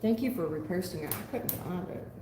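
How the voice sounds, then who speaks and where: A woman giving a live tarot reading, blunt and profane, talking back to her chat in an animated way. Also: on the low side, a little fast. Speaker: tarot reader. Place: home room. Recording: echoey room with long reverb, faint noise.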